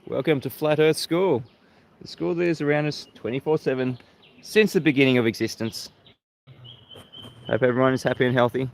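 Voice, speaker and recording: An Australian man hosts a live stream and chats straight to his viewers. He sounds combative and mocking, and he laughs often at his critics. His voice sits at a middle pitch. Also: normal speed, creaky, pauses often. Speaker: livestream host.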